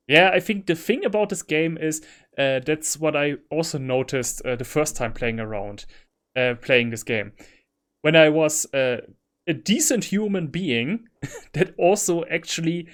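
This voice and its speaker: A man's voice: a little high, a bit bright. A German man commenting on a video game he is playing, rambling with laughing asides and reading dialogue choices aloud. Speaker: let's play streamer.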